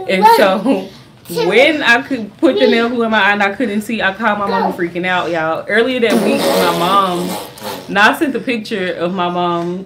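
A young woman in casual storytime chat, animated and laughing often as she tells a story, speaking in fast bursts. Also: medium pitch, background noise. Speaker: vlogger, mother.

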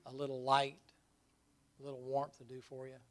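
A man's voice: mid-range voice, monotone, normal speed, lightly acted. A man voicing the prophet Elijah as a weary, worn-out man who talks in an earnest, rambling country way.

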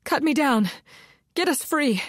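A woman's voice: high-pitched, animated, unhurried, no room sound, voice pushed up. A tough mother barks commands in a raised, urgent voice, as a woman narrator puts her on. The audiobook recording is dry and close. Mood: pleading. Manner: commanding, shouting. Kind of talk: audiobook character voice.

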